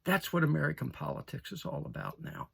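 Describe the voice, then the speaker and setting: Older male commentator, gravelly and husky, emphatic and repetitive. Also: fairly high pitch, wildly swooping pitch, a little fast, fairly bright tone. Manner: emphatic, repeats phrases, asks "okay?". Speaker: political commentator. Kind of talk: opinion monologue to camera.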